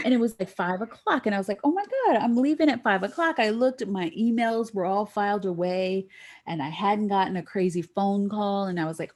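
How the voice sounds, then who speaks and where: A middle-aged woman guest telling a lively story in a podcast interview, acting out the voices of the people she quotes. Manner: animated, acts out quoted voices with big pitch jumps.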